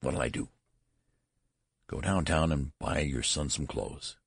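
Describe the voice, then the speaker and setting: A nervous, gruff father who stumbles over his words, with a very deep, gravelly voice, as a man reading the story puts him on. The sound is dry and close. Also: takes it slowly, no room sound, exaggerated voice. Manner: nervous, stammering, then harsh. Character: flustered middle-aged father, nervous and gruff.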